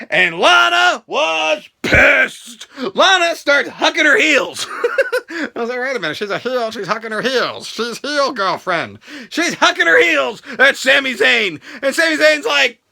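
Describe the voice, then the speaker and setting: A man ranting through a wrestling show review, crude and mocking, breaking into shouts and laughter. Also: extremely high pitch, animated, measured pace, gravelly. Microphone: handheld camera.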